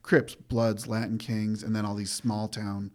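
Low-voiced man telling stories. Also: a little slow. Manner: animated storyteller, acts out quotes. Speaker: guest, former corrections officer. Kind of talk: casual storytelling.

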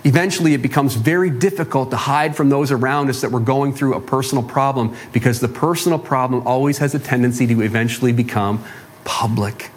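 A pastor preaching a sermon in a conversational way, asking his listeners rhetorical questions and joking at his own expense. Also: mid-range voice. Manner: self-deprecating humor.

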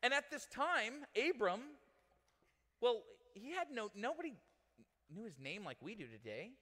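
With a high-pitched voice and a somewhat slow delivery, a male pastor gives a sermon that feels like a conversation. He's animated and jokes with the audience. His words ring out with long reverb in a large hall.

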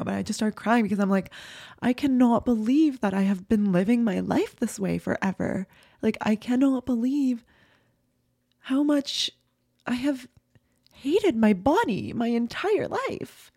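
A woman speaks candidly to her viewers in a warm, mellow voice, sitting a little low in pitch. She talks in a loose, filler-heavy way and is tearful at times. The recording is dry and close. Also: creaky, no echo. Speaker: vlogger. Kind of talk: personal storytelling to camera.

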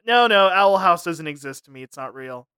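Bright, crisp-voiced man joking on a podcast. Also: sits high, lively intonation, moderate pace, no room sound. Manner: laughs often, mock-serious rants. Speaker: podcast co-host. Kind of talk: casual comedy chat.

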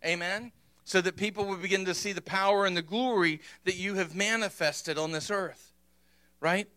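A man's voice: high voice, moderate pace, bright, forceful tone. A male pastor preaching an emphatic sermon, constantly checking in with the congregation. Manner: emphatic, punctuates points with "amen?".

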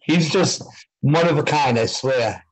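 A man's voice: a little high, a little slow, breathy edge, poor audio. A man hosting a podcast, laid-back and amused, mostly agreeing with his co-host. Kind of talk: casual chat.

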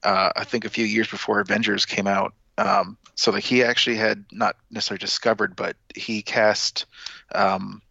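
A man in a casual podcast discussion, speaking flatly with lots of fillers. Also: on the low side, moderate pace, vocal fry, slightly rough, no echo, highs cut off. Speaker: podcast co-host.

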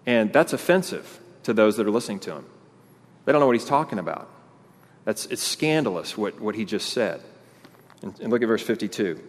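A pastor, preaching an animated sermon and acting out the crowd's voices. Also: male voice, on the low side, a little fast. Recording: long hall reverb.

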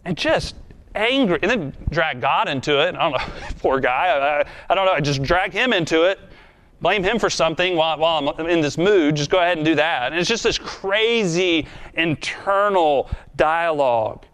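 A man's voice: a little high, animated, normal speed, fairly bright tone. Earnest conversational male pastor. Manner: earnest, conversational, self-deprecating. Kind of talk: sermon with closing prayer.

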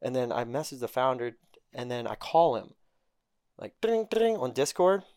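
A man's voice: medium pitch, normal speed, no room sound, studio quality. A young man telling a story in casual talk, swearing a lot and acting out the voices of the people he quotes. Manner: profane, animated, acts out quoted dialogue. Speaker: podcast guest.

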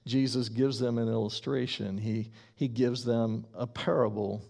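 A man preaching a sermon, slow and emphatic, with deliberate pauses between phrases. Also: mid-range voice, fairly even intonation, vocal fry, a little mellow. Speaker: pastor.

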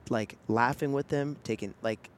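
A man's voice: medium pitch, moderate pace, a little hiss or hum. A man co-hosting a podcast who jumps in to finish and add to a shared story. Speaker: podcast co-host. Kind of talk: casual storytelling chat.

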